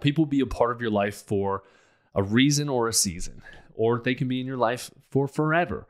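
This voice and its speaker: Man, podcast host, mid-pitched voice, blunt, emphatic, casual advice talk. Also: moderate pace.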